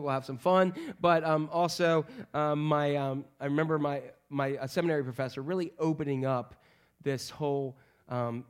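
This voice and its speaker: A middle-aged man, a pastor, preaching a sermon with lively, joking storytelling and frequent fillers. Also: mid-range voice, clear, resonant tone. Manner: animated, humorous storytelling with many fillers.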